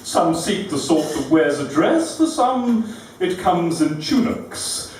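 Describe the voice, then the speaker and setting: A man recites witty rhyming verse at a measured, unhurried pace, his high voice swooping with lively inflection. He is recorded from across a very echoey room, with faint room ambience underneath. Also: distant mic, slight background noise. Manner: rhythmic, deliberate, witty delivery. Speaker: poet performing at a live event. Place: live venue room.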